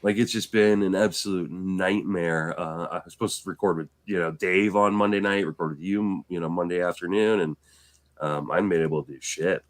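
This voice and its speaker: A man's voice: deep voice, brisk. A man co-hosting a podcast while still getting over an illness, telling stories casually with some swearing. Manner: storytelling, animated, swears casually. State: recovering from illness. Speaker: podcast co-host. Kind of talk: casual chat.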